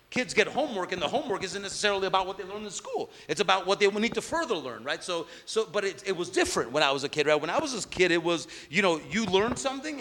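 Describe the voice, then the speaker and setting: A man's voice: high voice, bright, forceful tone, big-room sound. A man preaching a sermon in a conversational way, often asking his listeners "right?". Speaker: pastor.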